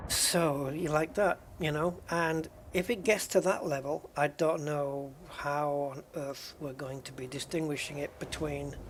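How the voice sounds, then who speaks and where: A chatty man rambles casually to his stream chat while he plays. His voice sits a touch higher than most men's. A faint background hiss sits under his talk. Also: steady tone, unhurried. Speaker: gaming streamer.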